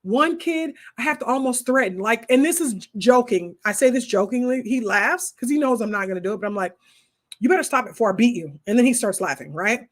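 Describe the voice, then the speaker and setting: A woman hosts a relaxed homeschooling chat, talking right to her viewers. Her voice sits a little high, and she drifts into frequent side remarks and jokes. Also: fairly quick, few pauses. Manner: animated, talks straight to viewers with many asides. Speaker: homeschooling host answering viewer comments. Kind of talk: casual livestream chat.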